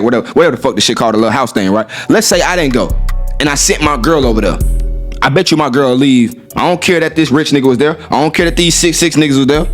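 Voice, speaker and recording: A swaggering man holds forth to his viewers with a brash, profane delivery, his voice sitting a little high for a man. He slips into quoted voices as he tells it, and faint music plays underneath. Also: fairly bright tone. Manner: acts out quoted women in raised voice. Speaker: dating talk host. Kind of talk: casual monologue to viewers.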